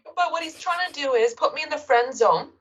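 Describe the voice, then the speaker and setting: A woman's voice: sits high, fairly quick. A woman guest on a podcast, chatting casually and acting out the dialogue of a story she tells with animation. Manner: animated, acts out quoted dialogue.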